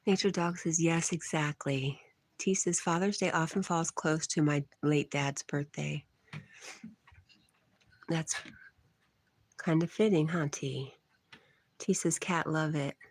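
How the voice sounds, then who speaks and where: A woman's voice: sits low, fairly even intonation, takes it slowly, pauses often. A middle-aged woman hosting a casual livestream from her porch, reading chat comments aloud, teasing and laughing often.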